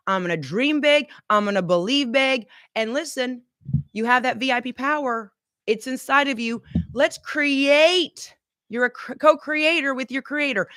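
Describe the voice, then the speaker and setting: A woman in her forties giving an energetic motivational pep talk as coach and host, urging listeners to repeat affirmations after her. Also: a little high, dry recording, clean studio sound. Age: 40s. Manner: energetic, exhorting, call-and-response.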